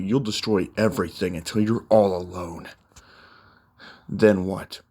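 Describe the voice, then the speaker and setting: A man's voice: on the low side, lightly acted. A man voicing a brash, foul-mouthed young male hero who talks bluntly and confrontationally in a fan-made story.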